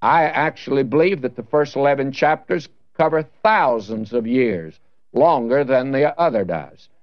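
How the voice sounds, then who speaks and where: An earnest man preaching a Bible sermon, talking straight to the listener in a folksy way and posing rhetorical questions. His voice sits at a middle pitch. The recording is dry and somewhat dull, with the top end muffled. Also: animated, moderate pace, no echo. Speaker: Bible teacher.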